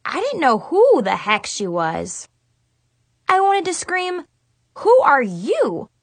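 A woman's voice: extremely high pitch, wildly swooping pitch, slow pace, no echo. A woman narrating a storybook in the first person as a teenage girl, dramatic and exasperated. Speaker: audiobook narrator.

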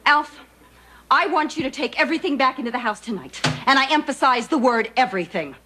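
An actress playing an exasperated sitcom wife, giving firm, clipped ultimatums. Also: female voice, high voice, brisk, a crowd in the background, close to an everyday voice. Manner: stern, clipped, dry ultimatums. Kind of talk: 1980s sitcom acting. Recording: studio audience laughter, noisy.

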